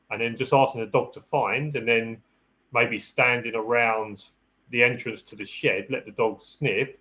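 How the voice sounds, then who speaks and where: A man at a middle pitch talks through dog training in a loose, conversational live-stream style. He circles back on his own phrases and restarts sentences as he works out his point. His delivery stays down-to-earth and practical. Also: bright, forceful tone, rough recording. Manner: acts out the dog's thoughts in a raised voice. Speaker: security dog handler hosting a live Q&A. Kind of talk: casual live-stream advice talk.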